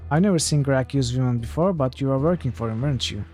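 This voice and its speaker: A man voicing a drunken shifty gentleman who is secretly an assassin, reading his lines in a slurred, blustering high voice over faint game music. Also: fast talker, lightly acted. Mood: threatening.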